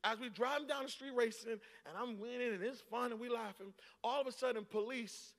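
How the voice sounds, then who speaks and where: A pastor in his forties preaching a sermon, telling a story and rising into shouts and laughter. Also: very high-pitched, fairly even intonation, brisk. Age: 40s. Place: large church hall. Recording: long hall reverb.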